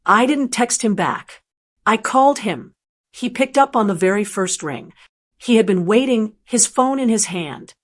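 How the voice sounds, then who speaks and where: A woman narrating a first-person family story in a measured, calm, even delivery. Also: a little high.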